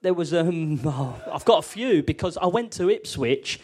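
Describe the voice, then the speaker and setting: A man's voice: fairly high pitch, lively intonation, normal speed, darkish tone, breathy edge. A man, a former footballer, telling anecdotes with lots of laughter on a live podcast in a theatre studio.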